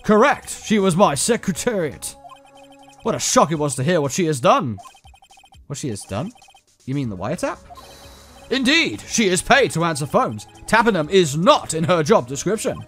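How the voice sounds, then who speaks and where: A snooty, wordy British CEO villain, loud and full of himself. A man acts him out with a raised, lively voice that swoops about, over faint music. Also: fairly high pitch, normal speed. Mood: smug. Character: pompous rich male CEO villain, arrogant. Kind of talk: game playthrough voice acting.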